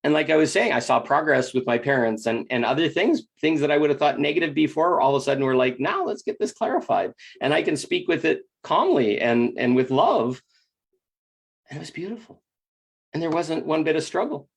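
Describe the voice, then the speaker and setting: A man giving an earnest, animated spiritual talk, often acting out quoted inner voices. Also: fairly high pitch, brisk, vocal fry, hardly any pauses. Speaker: spiritual teacher.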